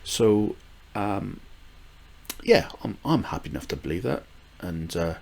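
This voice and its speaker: A man's voice: low voice, expressive, unhurried, gravelly, a little mellow. An older man from the UK rambling casually through a gardening vlog, with frequent fillers, restarts and small chuckles. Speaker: gardening vlogger.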